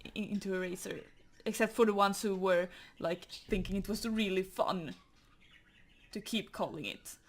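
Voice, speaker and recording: A woman's voice: mid-range voice, moderate pace. A young woman from Sweden with a Swedish accent, chatting casually and rambling while she draws, with stutters, often dropping to a murmur. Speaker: artist vlogger.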